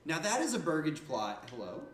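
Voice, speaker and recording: Fields: animated man streaming a game. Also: on the high side, a little fast, echoey room. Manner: animated, joking, slangy and profane. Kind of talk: casual gameplay commentary.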